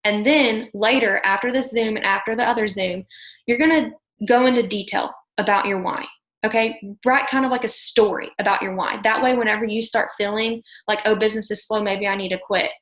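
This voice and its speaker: A woman's voice: a little high, normal speed, a bit bright, roomy sound, poor audio. A young woman coaching her business team on a video call, emphatic and gushing, full of "like" and "okay". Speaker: team leader coaching distributors. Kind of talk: motivational video call talk.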